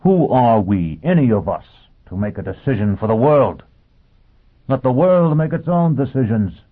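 A man's voice: mid-range voice, very animated, moderate pace, voice pushed up. A man voicing a driven, bitter man who fires intense rhetorical questions at a crowd. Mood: commanding. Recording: tinny phone-like audio.

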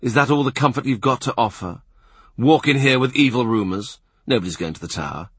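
A man voicing a blunt, sharp-tongued male adviser who gives brisk orders. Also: mid-range voice, husky, no echo, natural voice. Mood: scolding.

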